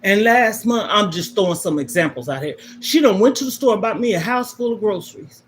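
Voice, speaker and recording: Middle-aged woman, livestream host, heartfelt preachy monologue, mid-pitched, faint background noise. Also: expressive, fairly quick. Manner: emphatic, preachy, repeats key points. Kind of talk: emotional personal talk to viewers.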